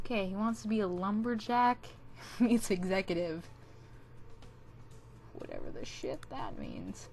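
A woman's voice: mid-range voice, wildly swooping pitch, measured pace, creaky, pauses often, darkish tone, faint music behind. A young woman commenting on her game in a casual, joking way. She is sarcastic, swears freely and keeps slipping into silly put-on accents. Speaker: gameplay commentator. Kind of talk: casual let's-play commentary.

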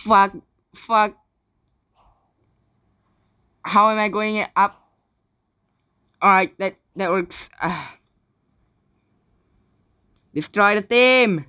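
A man giving live gaming commentary in non-native English, bursting into yells and swearing between calmer remarks. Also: high voice, very slow, pauses often, clear, resonant tone, no echo, studio quality. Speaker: gaming channel host.

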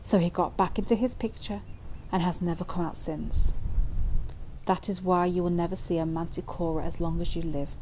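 Mellow, low-voiced woman reading a bedtime story. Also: slight background noise, poor audio.

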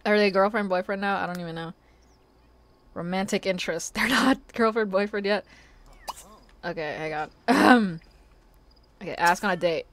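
A woman giving excitable, foul-mouthed commentary on a life-sim game, squealing and shouting at what happens. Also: mid-range voice, normal speed, pauses often, slight background noise. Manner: excitable, swears a lot, squeals and shouts in bursts. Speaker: gamer.

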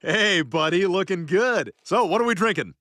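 An actor voicing a scheming, self-pitying freeloading friend in a cartoon, wheedling and stammering. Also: male voice, high voice, animated, normal speed, pushed and bright, no room sound, clean studio sound, faint music behind.

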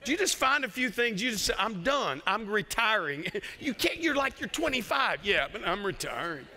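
In a church sanctuary with long hall reverb, a male pastor with a Southern US accent preaches an impassioned sermon, joking in asides and raising his voice in bursts. His voice is high, bright and forceful, with big pitch swings at a normal speed.

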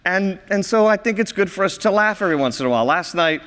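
A man with a notably high voice preaches to his congregation. He tells his stories with cheerful humor and often breaks into laughter at them. The sound carries the long reverb of a church sanctuary. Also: expressive, fast talker, fairly bright tone. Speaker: pastor. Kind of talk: sermon with humorous storytelling.

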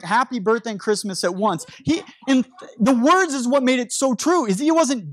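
A man's voice: sits high, lively intonation, fast, hardly any pauses, no room sound, studio quality. A man preaching a sermon as a pastor, telling a story animatedly with frequent restarts.

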